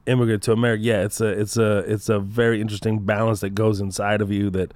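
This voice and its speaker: A man with a Texan accent, a guest comedian talking casually on a podcast, animated, laughing often and slipping into voices. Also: fairly low pitch, fast, dry recording. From Kuwait.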